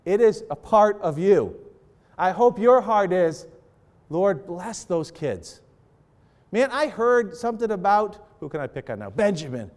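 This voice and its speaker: A male pastor delivering a sermon in a slightly raised voice. He preaches with passion, letting his voice swell for acted prayers and sink low for quiet appeals. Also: big pitch swings, normal speed. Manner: impassioned preaching, voice rising and falling for acted prayers.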